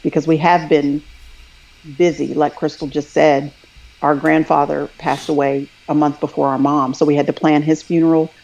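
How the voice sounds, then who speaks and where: Low-voiced woman telling a story earnestly. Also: little pitch movement, moderate pace, darkish tone, dull audio. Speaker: guest. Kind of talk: casual conversation over a live video stream.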